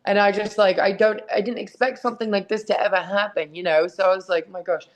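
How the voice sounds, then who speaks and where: A woman's voice: medium pitch, fairly even intonation, fast talker. A woman guest, a wrestler and author, talking candidly and emotionally at home, swearing freely and speaking bluntly. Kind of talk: candid interview over a call. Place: at home with her dog nearby.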